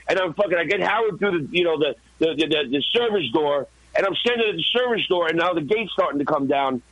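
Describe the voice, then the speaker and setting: A man, a guest and former radio intern, telling an animated, profane story in a podcast interview. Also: a little high, fast, few pauses, no room sound, poor audio. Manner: profane, excited, acts out his own shouts.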